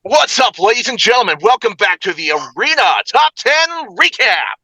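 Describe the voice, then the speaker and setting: A man's voice: high-pitched, big pitch swings, normal speed, pushed and bright, slightly rough, no echo, voice pushed up, exaggerated voice, low-quality recording. A man putting on the voice of a pumped-up male countdown show host, with a bouncy announcer delivery full of jokey asides. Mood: hyped.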